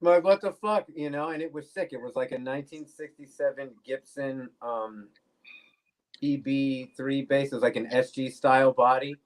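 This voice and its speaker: Laid-back swearing musician telling stories. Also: male voice, medium pitch, normal speed. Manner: laid-back, swears freely, animated anecdotes. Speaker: guest bass player. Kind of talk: casual storytelling interview. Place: podcast studio.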